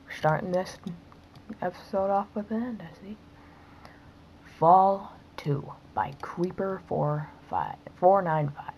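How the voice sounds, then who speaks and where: A woman recording let's-play commentary who breaks into sudden excited yelps and mutters whispered asides under her breath. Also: fairly low pitch, slow, dull audio, a little hiss or hum. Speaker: gaming video host.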